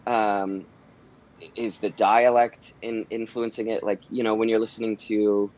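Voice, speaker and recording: Low-voiced laid-back man, muffled audio. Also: a little slow. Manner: relaxed, rambling, many "um"s and restarts. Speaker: voice actor guest. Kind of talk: casual interview chat. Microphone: home recording booth.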